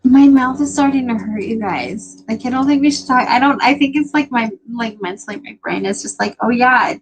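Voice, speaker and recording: A woman's voice: fairly high pitch, a little fast, a little hiss or hum, rough recording. A young adult woman chatting casually with her live stream viewers, rambling with lots of filler words.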